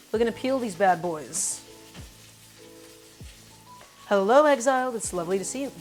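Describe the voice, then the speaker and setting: A woman hosting a casual cooking live stream, talking through each step and greeting her viewers by name. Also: a little high. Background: faint music and sizzling pan.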